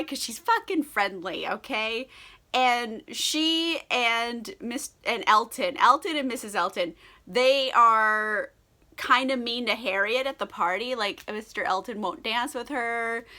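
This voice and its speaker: A young woman with a bright, edgy voice pitched a little high, chatting tipsily into the camera. She rants sarcastically about a book, swears freely and breaks into giggles. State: tipsy. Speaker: book vlogger. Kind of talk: casual book review chat.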